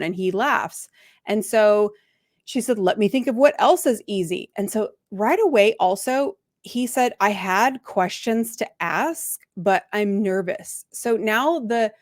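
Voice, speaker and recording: A woman's voice: mid-range voice, no room sound, studio quality. A middle-aged woman, a relationship coach, casually commenting on a reality show and lifting her voice to quote the people in it. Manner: chatty, animated, quotes people in lifted voices.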